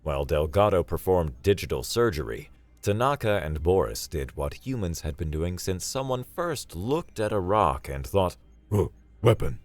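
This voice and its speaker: A man narrating a sci-fi story in a dry, steady storytelling manner. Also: low voice, normal speed, no room sound. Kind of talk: scripted narration.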